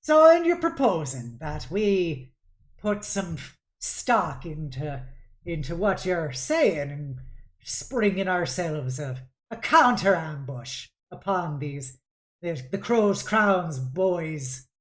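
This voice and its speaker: A woman's voice: on the low side, big pitch swings, slow. A woman game master narrating a tabletop game, laughing often between scenes.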